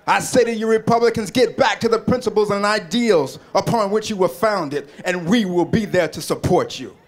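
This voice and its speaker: A man's voice: high-pitched, moderate pace. A man delivering an impassioned political rally speech, building rhetorical repetitions and leading the crowd in call-and-response chants. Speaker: rally speaker.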